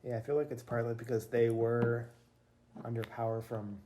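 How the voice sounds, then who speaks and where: A woman's voice: rumbling low, little pitch movement, normal speed, warm tone, slight background noise. A woman hosting a casual political podcast chat, hesitant and restarting her sentences, laughing often. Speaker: podcast host.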